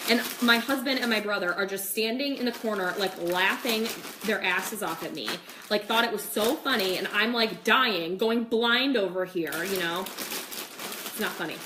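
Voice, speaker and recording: This is a young woman hosting an informal cooking show from her home kitchen, speaking at a normal speed in a mid-range voice. She talks to her viewers and leans heavily on "like" and "okay." The room is echoey with faint noise.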